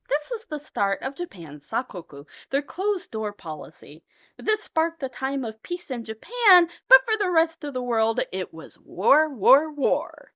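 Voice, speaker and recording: A woman's voice: fairly high pitch, fairly bright tone. A woman telling a comic historical story as a storyteller, playfully switching into character voices.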